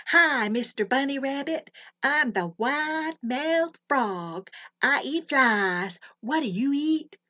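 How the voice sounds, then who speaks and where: A woman voicing a cheerful, boastful young male frog in a storybook tale, speaking loudly with slow, drawn-out introductions. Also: sits high, animated, no room sound, voice pushed up, full character voice. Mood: cheery, proud. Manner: loud, bright, drawn-out introductions. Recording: slightly muffled recording.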